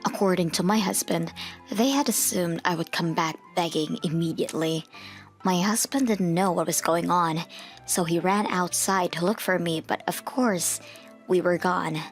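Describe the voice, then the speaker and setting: A woman's voice: on the low side, moderate pace, faint music behind. A young woman narrating a dubbed manga story in an earnest, first-person storytelling manner. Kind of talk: scripted manga dub narration.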